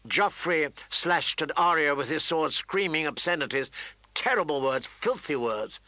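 A man reading a fantasy novel aloud in steady, dramatic storytelling narration. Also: a little high, measured pace, no room sound. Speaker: audiobook narrator. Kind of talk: scripted narration.

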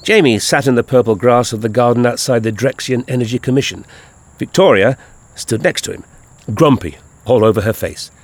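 A man narrating an adventure story in an expressive storytelling manner. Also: medium pitch, brisk. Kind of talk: audiobook fan-fiction reading.

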